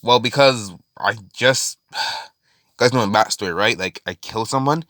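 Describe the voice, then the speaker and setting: A man's voice: lowish voice, a bit bright, dry recording, clean studio sound, lightly acted. A man voicing an anxious young male hero with a guilty past, speaking hesitantly. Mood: worried. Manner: hesitant, halting.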